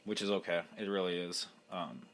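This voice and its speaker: A man's voice: deep voice, steady tone, normal speed, fairly bright tone, a little hiss or hum. A young man hosting a solo podcast, rambling crudely with lots of swearing and laughter, slipping into mocking impressions. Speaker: podcast host.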